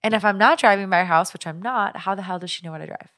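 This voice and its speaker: A young woman hosting a podcast, telling a story in casual, animated chat. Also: mid-range voice, fast. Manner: chatty storyteller, animated retelling. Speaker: podcast host.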